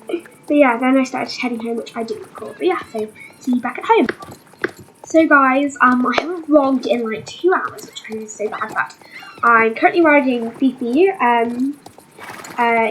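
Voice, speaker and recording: Casting: woman vlogger with a cold, slightly high, croaky voice, rambling casual voiceover, faint hiss behind. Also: fairly bright tone, rough recording. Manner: rambling, full of "but yeah" and "um". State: sick and croaky. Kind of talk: casual voiceover of a game riding vlog.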